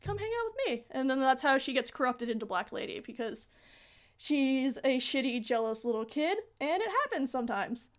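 A woman's voice: sits high, moderate pace. A young woman in casual podcast chat, animatedly retelling a story as an enthusiastic fan.

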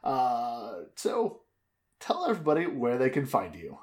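Laid-back man host, lively pitch. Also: unhurried. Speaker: podcast host. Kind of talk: casual podcast chat.

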